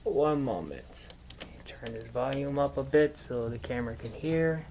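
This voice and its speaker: A man's voice: mid-range voice, animated, moderate pace, a little mellow, a little hiss or hum, poor audio. A man practicing as a language learner, thinking aloud in a hesitant, searching way with many filler sounds.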